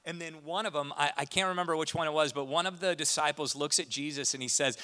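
A man's voice: fairly high pitch, quick pace, few pauses. A man preaching a sermon with impassioned delivery. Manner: impassioned, rising to animated retellings. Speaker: pastor.

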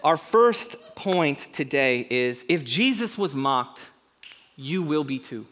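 Man, pastor, sermon, conversational, animated, joking asides, fairly high voice. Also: slow.

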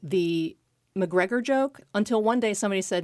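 A woman's voice: mid-range voice, lively intonation, normal speed, a little mellow, no room sound. A woman hosts a podcast from a studio and keeps the talk playful, happily trading jokes with her guest. The sound is close and dry, with no room around it. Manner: playful, joke-telling. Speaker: podcast host. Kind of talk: casual interview chat.

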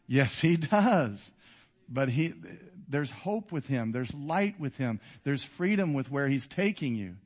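A man in his fifties preaching a sermon to a congregation, swinging between loud exhortation and quiet intensity. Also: mid-range voice, expressive, measured pace, hardly any pauses. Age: 50s. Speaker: pastor. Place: church before a congregation.

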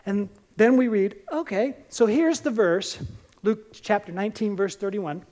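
A woman preaching a sermon, telling Bible stories in an animated, conversational way and acting out the quotes. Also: medium pitch, a little slow.

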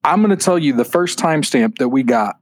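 A man co-hosts a podcast in loose, joking banter, reading old messages aloud and breaking into laughter. His voice is husky and swings widely in pitch. The sound is dry and close, with no room around it. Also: lively intonation, a little fast, dry recording. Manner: laughs often, swears, reads messages aloud. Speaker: podcast co-host.

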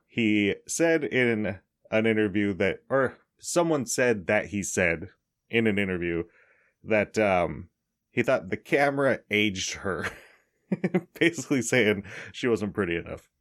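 A man's voice: on the low side, expressive, measured pace. A man hosting a casual podcast chat, explaining things in a loose, chatty way with frequent laughs. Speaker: podcast host.

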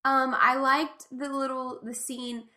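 A woman's voice: sits high, little pitch movement, slow, pushed and bright. A woman co-hosting a podcast, chatting casually and enthusiastically as she retells favorite scenes, often laughing. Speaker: podcast co-host. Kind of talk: casual chat recapping a TV episode.

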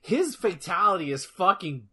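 A man chatting casually about gaming news on a podcast, rambling and excitable, swearing freely. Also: high voice, normal speed, a crowd in the background. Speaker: podcast co-host.

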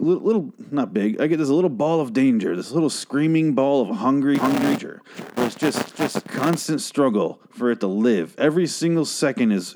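A man's voice: mid-range voice, dark tone. A young man giving a casual, profane, rambling recap of a TV episode, with crude, exasperated rants. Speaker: show recap podcaster.

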